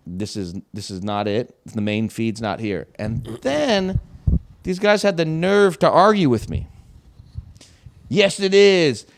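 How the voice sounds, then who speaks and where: A man's voice: fairly low pitch, smooth. A young man, a podcast host, telling a casual story with lots of swearing and acted-out quotes. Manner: animated, swearing, acts out quotes.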